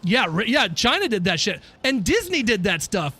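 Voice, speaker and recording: A man streaming a game and chatting casually with viewers, animated and profane, ranting between laughs. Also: high-pitched, moderate pace, slightly rough. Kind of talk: casual livestream chat while gaming.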